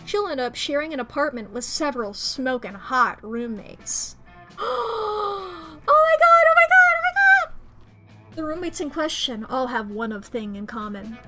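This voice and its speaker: Woman streamer reading a dating game aloud. High, bright voice, excitable delivery with frequent squeals.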